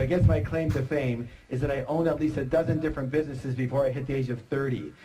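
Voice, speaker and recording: A middle-aged man giving an energetic motivational seminar talk, joking and quizzing the audience. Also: medium pitch, low-quality recording. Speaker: seminar speaker.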